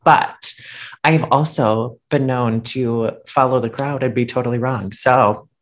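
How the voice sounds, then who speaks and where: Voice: mid-range voice, steady tone, a little slow. A podcast co-host chatting casually, rambling and poking fun at themself. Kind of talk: casual chat.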